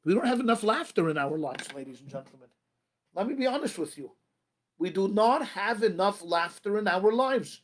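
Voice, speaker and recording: A rabbi giving a motivational talk on marriage, emphatic, repeating phrases and calling the audience ladies and gentlemen. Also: male voice, sits high, expressive, normal speed.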